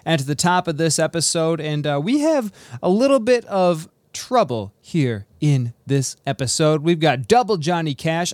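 An upbeat male radio host chats through his show intro on a studio microphone. His voice runs a little high for a man and sounds close and dry, with no room echo. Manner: upbeat, chatty.

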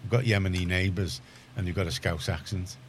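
Liverpool man, radio host, very low voice, rambling chatty talk with faint background hiss. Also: steady tone, fairly quick. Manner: rambling, chatty, many restarts. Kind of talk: casual studio chat. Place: community radio studio.

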